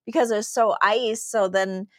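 A woman's voice: medium pitch, steady tone, moderate pace, no echo, clean studio sound. A woman co-hosting a casual podcast, telling rambling anecdotes with restarts and easy laughter. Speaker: podcast co-host. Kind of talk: casual chat.

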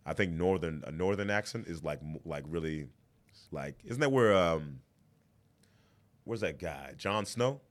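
A man's voice: low voice, measured pace, pauses often. A man, a comedian guest in casual chat, telling stories animatedly and acting out quotes. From United States. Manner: animated, emphatic storytelling with quoted voices.

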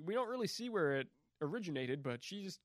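A man's voice: high-pitched, big pitch swings, fast talker, no room sound, studio quality. A man co-hosting a podcast, recapping a film with profane wisecracks. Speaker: podcast co-host. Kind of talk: crude casual banter recapping a film.

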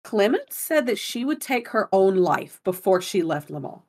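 A woman's voice: mid-range voice, big pitch swings, normal speed, darkish tone. A woman co-hosting a podcast, casually telling a story in a chatty way and laughing often. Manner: chatty, laughs often, apologetic about pronunciation. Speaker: podcast co-host.

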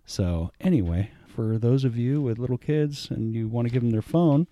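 A man's voice: medium pitch, moderate pace, warm tone, dry recording. A married man co-hosting a podcast in a casual chat, dry and teasing, with some swearing. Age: adult, married ten years. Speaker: podcast co-host.

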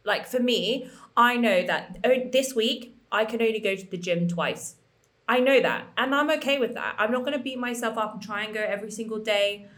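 A woman's voice: a little high, normal speed, fairly bright tone. Woman, podcast co-host; chatty, filler-heavy, frank and supportive. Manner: chatty, lots of "like", frank and encouraging. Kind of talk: casual podcast chat.

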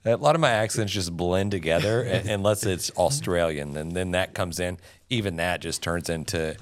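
Low voiced co-host dude, stumbles over his words a lot. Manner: halting, stammering restarts. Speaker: podcast co-host. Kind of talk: casual chat.

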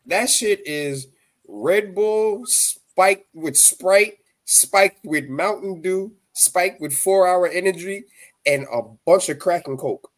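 A man's voice: sits high, takes it slowly. A man co-hosting a casual wrestling podcast, crude and profane, joking and laughing easily. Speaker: podcast co-host.

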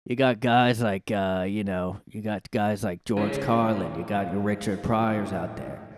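A man's voice: on the low side, takes it slowly, long pauses, dry recording. Man, solo podcast rant, sarcastic, rambling, swears, dry close sound. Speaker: podcast host. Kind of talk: casual solo commentary rant. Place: his own room at home.

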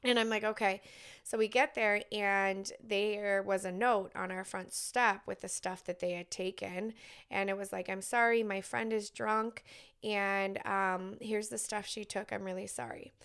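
Animated woman telling a story. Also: mid-range voice, measured pace, smooth. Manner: animated storyteller, acts out quotes, swears casually. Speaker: podcast co-host. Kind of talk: casual chat storytelling.

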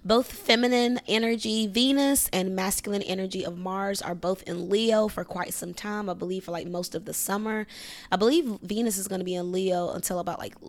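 A woman hosting her own podcast in a loose, casual chat, her voice gravelly with vocal fry. She talks straight to her listeners in slang, raw and frustrated, close to tears and sighing often. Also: mid-range voice, steady tone, normal speed. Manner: emotional, frustrated and near tears, sighing and cursing; slang-heavy, addresses listeners as "you guys" and "y'all". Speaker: podcast host.

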